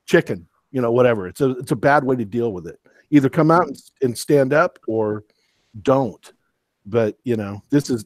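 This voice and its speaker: A man's voice: medium pitch, a little mellow, no echo. Guy ranting hard on a podcast, heated, dry close sound. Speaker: podcast co-host. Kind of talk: casual chat.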